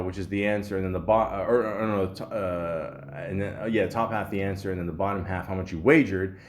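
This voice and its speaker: Male podcast host, low voice, loose rambling chat with frequent laughter, mic'd up close. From Canada. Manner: rambling, laughing often, heavy on fillers. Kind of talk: casual chat.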